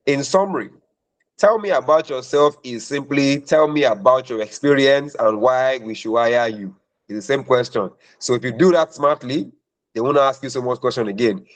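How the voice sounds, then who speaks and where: A man's voice: mid-range voice, moderate pace, low-quality recording. A man talking as a career mentor in a question-and-answer session, emphatic and preachy, repeating points for stress.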